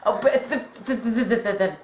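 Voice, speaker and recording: A woman in casual fan chat, excitable and gushing, acting out quotes as she talks. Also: medium pitch, a little fast. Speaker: podcast guest. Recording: echoey room.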